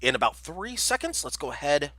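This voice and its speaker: A man's voice: on the high side, big pitch swings, fairly quick, sharp tone, no room sound. A man casting a community game tournament on a livestream, chatty and jokey, reading out chat messages. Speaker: tournament caster.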